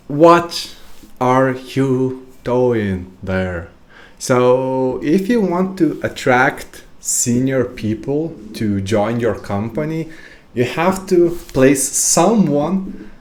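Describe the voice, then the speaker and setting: A man's voice: mid-range voice, darkish tone. A man hosting a podcast in a casual monologue, sarcastic and rambling with many fillers. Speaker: podcast host.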